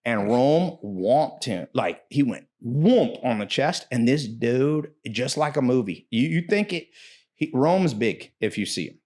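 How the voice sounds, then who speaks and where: A man's voice: medium pitch, lively intonation, unhurried, a little mellow. Brash, profane man telling stories. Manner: brash, profane storytelling with bursts of emphasis. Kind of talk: casual podcast talk.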